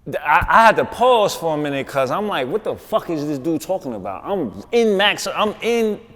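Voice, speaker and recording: A man with a New York accent, a guest on a podcast, telling a story in an insistent, animated way with street slang. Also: a little high, normal speed, long reverb tail. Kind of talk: casual podcast interview.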